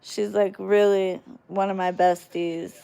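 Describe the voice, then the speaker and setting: A woman's voice: medium pitch, level tone, a little slow, vocal fry, dark tone, clear, resonant tone. A woman livestreaming casually, reading chat aloud and trash-talking viewers in a brash, drawling way.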